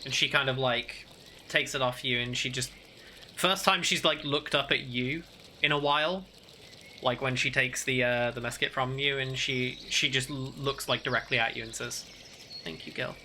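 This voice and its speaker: A man runs a tabletop game, describing scenes in a loose, meandering way studded with filler words. His voice has a very bright, clear ring, with a faint hiss of noise underneath. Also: mid-range voice, fairly even intonation, moderate pace. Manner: rambling, full of "like" fillers. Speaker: game master. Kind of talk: narrating a tabletop game, casual.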